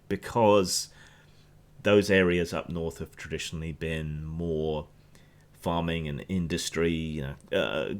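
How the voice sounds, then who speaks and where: Low-voiced Hampshire man rambling through news. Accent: Hampshire English. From England. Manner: rambling, restarts often, opinionated. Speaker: streamer and news commentator. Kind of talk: casual news commentary.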